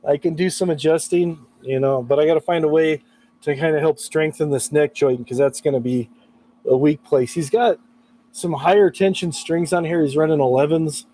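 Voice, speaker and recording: A man's voice: on the high side, moderate pace, dark tone, rough recording. A man chatting casually on a live stream about guitar repair, laughing often and reading out chat messages.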